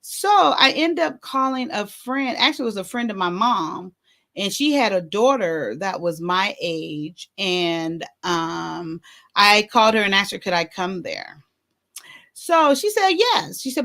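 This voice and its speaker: A woman hosting a vlog, telling a personal story in a candid, halting way with many fillers. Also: mid-range voice, a bit bright. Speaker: vlog host.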